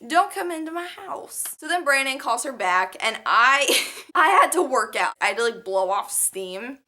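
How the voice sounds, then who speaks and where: Young woman vlogger, bright voice, lively and indignant storytime. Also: high-pitched, moderate pace. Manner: animated and indignant, full of "like". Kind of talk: storytime vlog.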